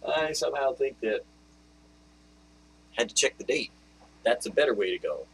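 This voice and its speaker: A man's voice: medium pitch, lively intonation, slight background noise, low-quality recording. Earnest male devotional preacher. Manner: earnest, reads scripture in a slow, lifted voice; softens to a hushed, consoling tone. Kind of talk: video devotional sermon.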